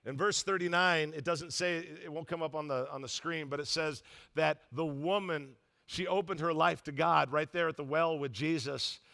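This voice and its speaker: A man pastor preaching a sermon in a church, telling a story with lively call-and-response to the congregation. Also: a little high, normal speed, creaky. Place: church auditorium.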